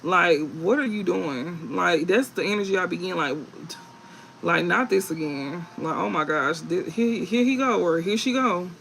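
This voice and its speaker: Man, tarot reader on a live stream: high voice with a gravelly edge, blunt, cusses freely, laughs a lot. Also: lively intonation, moderate pace, a bit bright, a little hiss or hum, rough recording. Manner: blunt, profane, laughs often; emphatic repetition.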